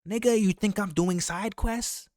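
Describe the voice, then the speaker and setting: A man's voice: high voice, a little slow, darkish tone, no echo. Man ranting in a dry room. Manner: heated, emphatic, profane ranting. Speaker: reaction channel host. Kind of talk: reaction commentary.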